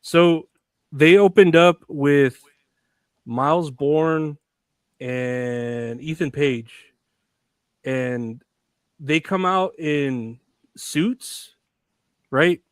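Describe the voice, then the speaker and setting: A man's voice: on the high side, very slow, long pauses, smooth, no room sound. A man co-hosting a wrestling podcast in casual chat, rambling and laughing often. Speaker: podcast co-host.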